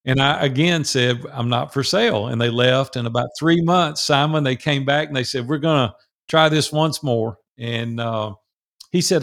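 A man's voice: medium pitch, normal speed. A man in his sixties with a Southern US drawl, telling stories as a podcast guest in a folksy way. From Southern United States. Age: 60s. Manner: folksy, animated storyteller. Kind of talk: storytelling interview.

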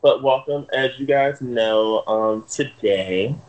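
A man's voice: medium pitch, slow, a little mellow, muffled recording, a little hiss or hum. Joking podcast co-host man over Skype. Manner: playful, teasing, loose with profanity. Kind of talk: casual banter. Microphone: Skype call. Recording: uneven call audio.

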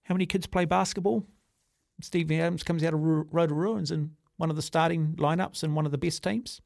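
A man hosting a sports radio show, telling stories in a rambling, animated way. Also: fairly high pitch, fairly quick, creaky, no room sound, studio quality. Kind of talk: casual radio chat.

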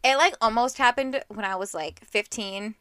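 A young woman co-hosting a casual podcast, reacting with giggles and quick remarks. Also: a little high, fairly bright tone, a little hiss or hum. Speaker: podcast co-host. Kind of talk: casual chat.

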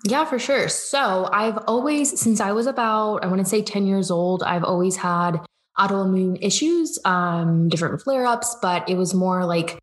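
A woman's voice: medium pitch, moderate pace. A woman in her twenties from Georgia, USA, chatting casually as a podcast guest, laughing often and acting out her own quotes. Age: 20s. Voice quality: animated, laughs often, quotes herself in lively voices. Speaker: guest, business coach. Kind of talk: casual interview chat.

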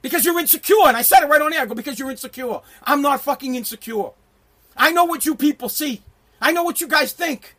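Brash middle-aged male ranter with a strikingly high voice, profane and emphatic, prone to shouting. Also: fairly quick. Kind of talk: ranting monologue.

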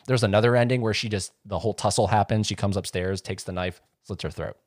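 A man's voice: lowish voice, fairly even intonation, brisk, no echo, clean studio sound. A man in casual chat, rambling as he retells a scene and acts out voices. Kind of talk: casual chat about horror movies.

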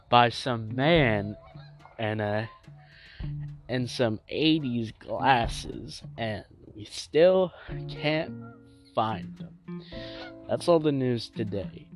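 A man playing a stiff, mock-formal news anchor who reads slowly and deliberately. His voice sits at a middle pitch, with loud music under it. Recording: music playing loudly behind.

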